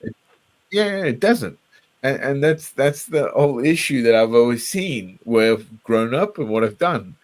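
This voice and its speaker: A man's voice: mid-range voice, expressive, measured pace. A man from South Africa who repeats himself and swears while chatting casually on a live stream. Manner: repetitive, stammering, swears. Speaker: chat participant.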